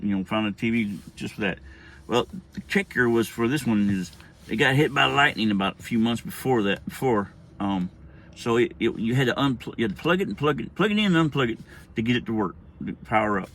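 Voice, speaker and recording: A man's voice: mid-range voice, brisk, fairly bright tone. A middle-aged man telling a childhood story in a casual, rambling, profane way with many restarts.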